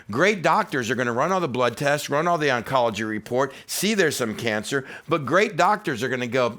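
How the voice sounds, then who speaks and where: Lively male pastor preaching. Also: mid-range voice, moderate pace. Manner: animated, conversational preaching with humor. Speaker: teaching pastor. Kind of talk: sermon. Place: church.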